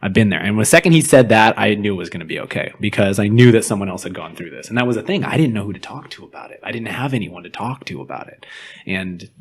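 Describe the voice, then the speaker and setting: A man with a fairly low voice, chatting casually as a podcast co-host. He talks openly and laughs at himself as he tells personal stories. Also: animated, quick pace, breathy edge. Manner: open, laughing, self-deprecating storytelling. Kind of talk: casual chat.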